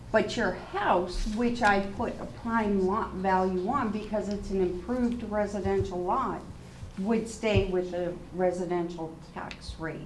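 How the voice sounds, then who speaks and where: A woman's voice: mid-range voice, a little hiss or hum. A woman who is losing her voice, a town assessor explaining things step by step at a public meeting in a town hall.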